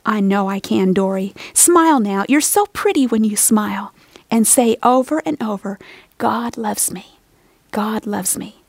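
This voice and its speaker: A woman voicing a kind, caring schoolteacher in a storybook reading, gentle and reassuring. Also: mid-range voice, lively intonation, moderate pace, no room sound.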